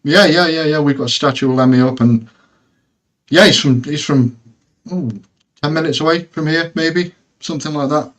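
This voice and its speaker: A man's voice: fairly high pitch, normal speed, fairly bright tone. A man from Stoke-on-Trent with a Midlands English accent, chatting as a guest with dry humour. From Stoke-on-Trent, England. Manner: laid-back, chuckling, dry humour. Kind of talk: casual chat.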